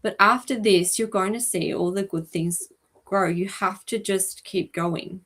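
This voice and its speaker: A woman hosting a live stream as an animal communicator, talking gently and chattily with many ums and asides. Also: mid-range voice, unhurried. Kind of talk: live-stream reading for viewers.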